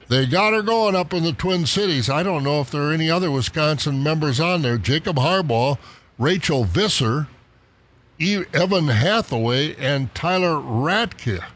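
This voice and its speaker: A man hosting a farm radio show, reading dairy contest results in a chatty, rambling way with asides. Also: medium pitch. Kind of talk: casual radio farm news.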